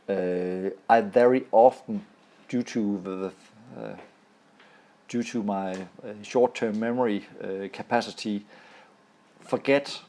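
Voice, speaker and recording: Man, Danish accent, native Danish speaker, teacher explaining slides, lowish voice, very slow, halting. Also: darkish tone. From Denmark. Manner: halting, pausing often to find words. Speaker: language teacher. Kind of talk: explaining a lesson over slides.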